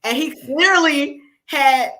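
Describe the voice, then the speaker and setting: A woman guest telling frank, animated stories in casual chat, quick to laugh. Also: sits high. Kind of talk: casual storytelling.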